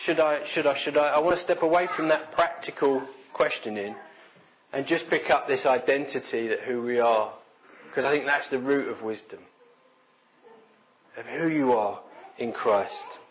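A man's voice: mid-range voice, moderate pace, dull audio, a little hiss or hum. A man preaching a sermon in a conversational, self-deprecating storytelling manner.

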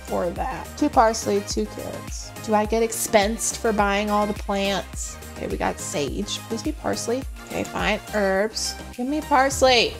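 A woman casually commenting on her life-simulation gameplay, excitable and gushing, with gasps and coos. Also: medium pitch, a little slow, hardly any pauses, faint music behind. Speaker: Sims gameplay host.

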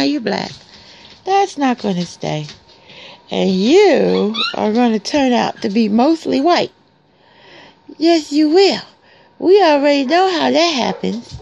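A woman's voice: sits high, gravelly, darkish tone, a little hiss or hum. A woman talking to newborn puppies in teasing baby talk during a casual vlog. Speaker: pet groomer showing newborn puppies. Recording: dull lo-fi recording.

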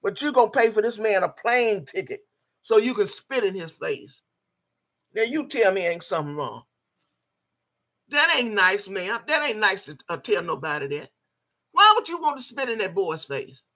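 A woman's voice: mid-range voice, sing-song, moderate pace, fairly bright tone. An older woman ranting on camera in heated, scolding commentary, cursing freely and repeating her phrases for emphasis. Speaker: video blogger.

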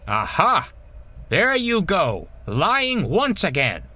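A man's voice: high voice, huge pitch swings, slow pace, bright, forceful tone, pitched above the performer's own voice, heavily acted. A man playing a stern bus boss. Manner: stern, scolding. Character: stern male bus company owner, strict and angry.

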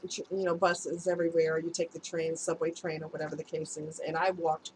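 A woman's voice: low voice, little pitch movement, fairly quick, a little mellow, slight background noise, poor audio. A woman, an adult past her youth, telling a personal story to her viewers in a casual, chatty way and laughing at herself. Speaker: vlogger giving relationship advice.

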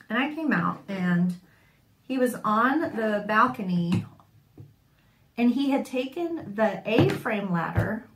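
A woman vlogger telling a funny family story in a casual, wry and animated way, often laughing. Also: mid-range voice, slight background noise. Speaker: sewing vlogger. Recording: echoey room.

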